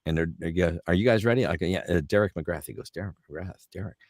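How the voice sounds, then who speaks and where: A middle-aged man with a very deep voice tells stories in a relaxed, casual chat. He quotes people with quick character voices, and the sound is dry and close with no room around it. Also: no room sound. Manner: animated anecdotes, slips into character voices for quotes. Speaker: voice actor guest.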